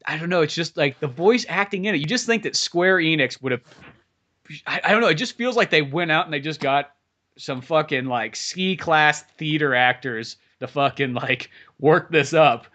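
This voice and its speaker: Bright-voiced, profane man. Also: a little high, normal speed. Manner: profane, animated, mocking impressions. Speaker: podcast host. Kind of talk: casual chat.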